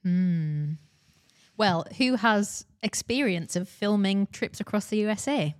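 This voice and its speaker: A woman's voice: mid-range voice, expressive, slow pace. Woman, chatty podcast co-host. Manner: chatty, giggly. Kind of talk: casual podcast chat.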